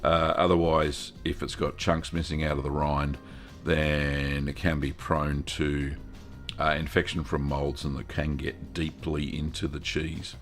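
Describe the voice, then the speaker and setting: A man's voice: extremely low pitch, little pitch movement, a little slow, soft background music. An Australian man hosting a live Q&A stream, chatting casually in a folksy way, greeting viewers by name and filling gaps with ums and uhs. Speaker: host of a cheese-making livestream.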